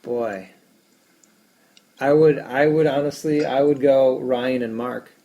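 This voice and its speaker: Gravelly, husky man chatting casually. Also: medium pitch, steady tone, slow pace, warm tone. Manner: self-deprecating, rambling with restarts. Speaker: fantasy baseball podcast co-host. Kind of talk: casual chat.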